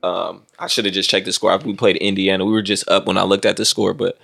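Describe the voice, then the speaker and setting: Gravelly, laid-back young male podcast host. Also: on the low side, fairly even intonation, fast talker, hardly any pauses, fairly bright tone. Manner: loose slangy banter with profanity. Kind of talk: casual podcast chat. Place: podcast studio.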